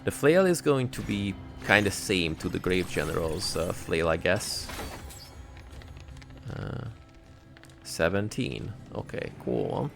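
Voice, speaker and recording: A man's voice: sits low, animated, takes it slowly, gravelly, pauses often, fairly bright tone. A man casually commenting on his own gameplay, joking around and reading upgrade text aloud. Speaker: gaming channel host. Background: game music.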